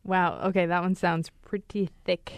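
A woman co-host from the Chicago suburbs chats casually and throws in quick quips. Her voice sits low, recorded dry and close. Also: flat delivery, no room sound. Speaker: podcast co-host. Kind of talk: casual podcast chat.

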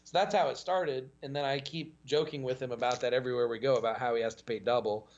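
A man chatting on a podcast, telling lively stories and chuckling as he goes. His voice sits in a middle pitch, and the sound is dull and lo-fi. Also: fast, a little hiss or hum. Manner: animated storyteller, chuckles often. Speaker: podcast guest. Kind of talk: casual podcast chat.

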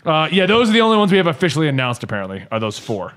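A man's voice: a little high, sing-song, rapid-fire, a bit bright. A man hosting a casual comics podcast, laughing often and rattling through the outro. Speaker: podcast host. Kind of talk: casual chat.

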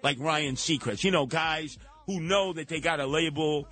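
The talk radio host here has a slightly high voice and speaks at a normal speed. His monologue is opinionated and lively, full of mockery and impressions of others.

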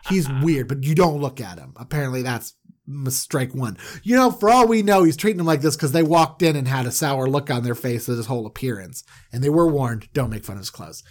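A man hosting a podcast, retelling a story in fast, slangy, comedic casual talk and jumping into voices. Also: medium pitch, animated, a little mellow. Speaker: podcast host.

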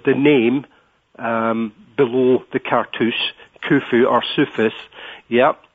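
A Scottish man talking as a guest, his voice in a middle register and thin, squeezed through a narrow phone line. He gropes for words, stacking up little fillers before each point. Then he lands his point steadily. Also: medium pitch. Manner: hesitant, many filler words. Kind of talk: interview over the phone.

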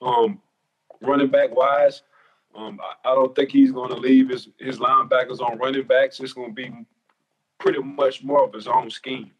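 Flat-voiced man, relaxed and grateful. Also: medium pitch, moderate pace, lo-fi sound, a little hiss or hum. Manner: relaxed, grateful, rambling with restarts. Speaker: former player, guest. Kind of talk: casual podcast chat.

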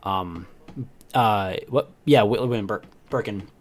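A man's voice: on the low side, takes it slowly. A man co-hosting a casual podcast, rambling and losing his train of thought as he chats. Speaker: podcast co-host. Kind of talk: casual chat.

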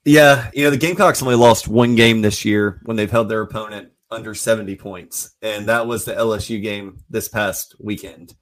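A man on a sports talk show giving a steady, analytical breakdown of a game. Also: fairly low pitch, normal speed, few pauses.

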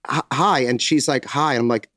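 An animated podcast co-host with a medium-pitched voice tells a story at a slightly fast pace in casual chat. He acts out quotes and swears freely, recorded with clean studio sound and no room echo.

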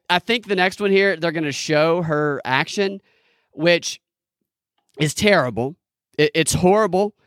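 A man's voice: fairly high pitch, a bit bright, no room sound, clean studio sound. A man hosting a podcast, mocking the clips he plays and parroting quotes sarcastically. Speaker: podcast host. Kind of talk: commentary over played clips.

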